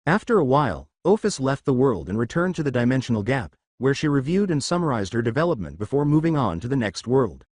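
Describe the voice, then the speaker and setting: A man reading a fan story aloud as its narrator, in a steady storytelling way. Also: medium pitch, fast, few pauses, no room sound, clean studio sound.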